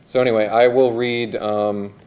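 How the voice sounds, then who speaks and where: A man's voice: mid-range voice, level tone, normal speed, darkish tone, clean tone. A young man introducing himself before reading his writing, hesitant and self-deprecating with many fillers. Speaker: writer reading at a release party. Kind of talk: casual remarks before a reading.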